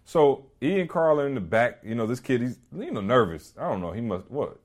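A man's voice: mid-range voice, fairly quick. A man co-hosting a podcast who tells a story in a casual, rambling way, full of "you know" and "like". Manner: animated, rambling with many "you know" and "like" fillers. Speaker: podcast co-host.

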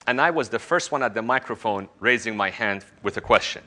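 A man giving a recorded course lecture, teaching in an animated way. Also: fairly low pitch, a little fast. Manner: animated teaching, slips into exaggerated voices when quoting others.

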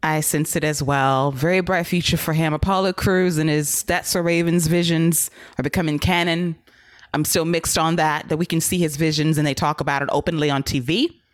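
A man's voice: a little high, fairly even intonation, normal speed, dry recording. A man hosting a podcast, recapping wrestling in casual, profane, sarcastic chat. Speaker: podcast host.

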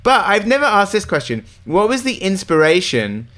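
A man's voice: sits high, big pitch swings, moderate pace, a bit bright. A man interviewing a band, asking enthusiastic, chatty questions. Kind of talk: casual interview.

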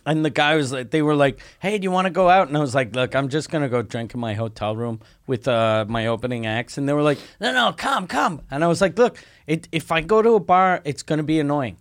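A man's voice: medium pitch, fast, few pauses. A man telling stories on a podcast, swearing freely and laughing through the punchlines. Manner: profane, laughing storyteller. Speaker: comedian and podcast host. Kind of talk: casual podcast banter.

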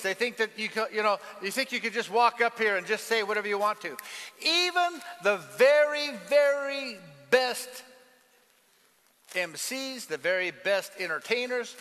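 Male pastor, high voice, forceful delivery, lively sermon, reverberant church hall. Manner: lively preacher, call and response, chuckles. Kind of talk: sermon with a told joke.

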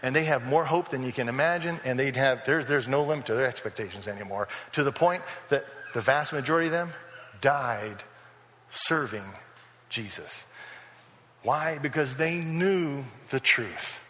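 Bright-voiced preacher in a reverberant hall. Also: male voice, medium pitch, lively intonation, moderate pace. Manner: conversational storytelling, acting out quoted voices. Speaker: pastor. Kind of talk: sermon.

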